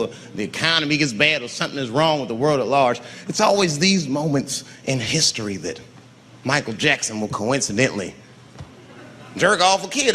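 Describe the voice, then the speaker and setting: A middle-aged man performing a stand-up comedy set, animated and swearing freely, acting out voices for a live audience in a large venue. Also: on the high side, in a large hall, heavy background noise.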